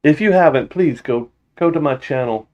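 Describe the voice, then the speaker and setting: A man runs a laid-back livestream for his motorcycle channel, reading comments out loud and responding in halting, rambling bursts full of laughter and restarts. His pitch leans high and a little mellow, and the sound is lo-fi.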